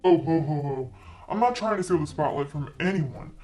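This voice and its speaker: A synthetic male voice playing a jolly old Santa Claus who talks in a kindly, patient, gently lecturing way. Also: on the high side, expressive, normal speed, close to an everyday voice.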